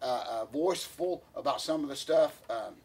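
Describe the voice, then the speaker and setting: A co-host on a casual podcast speaks at normal speed in a medium-pitched, darkish, slightly rough voice. He rambles, restarting sentences and leaning on fillers, and often breaks into laughter.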